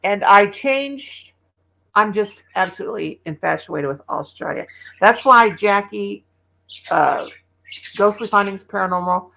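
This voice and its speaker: A woman's voice: medium pitch, animated, a little slow, creaky, bright, forceful tone, rough recording. Chatty Midwestern woman in her sixties. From American Midwest. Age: 60s. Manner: chatty, rambling, laughs often. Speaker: livestream host. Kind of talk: casual chat with viewers.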